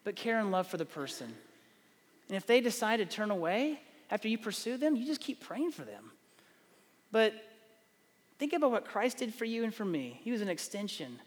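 A man's voice: high voice, moderate pace, big-room sound. A middle-aged man, preaching a sermon, telling stories and acting out the dialogue. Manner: animated storytelling, acts out dialogue. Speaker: pastor.

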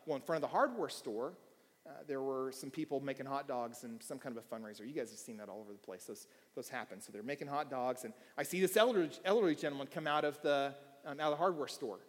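A man preaching a sermon as pastor, telling a story with quiet asides and bursts of shouting. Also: fairly high pitch. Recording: long hall reverb.

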